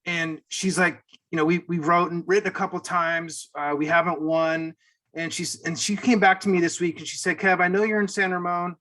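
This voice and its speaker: High-voiced man telling an earnest story. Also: steady tone, moderate pace, bright, forceful tone, low-quality recording. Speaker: real estate agent. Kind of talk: telling a story on a group call. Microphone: video call.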